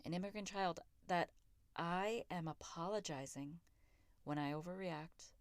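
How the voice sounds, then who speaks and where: Low-voiced, candid woman podcaster, profane and raw. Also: unhurried, no echo. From raised in a Pakistani immigrant family. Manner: raw, profane, emphatic and self-reflective. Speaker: podcast host. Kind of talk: candid solo podcast monologue.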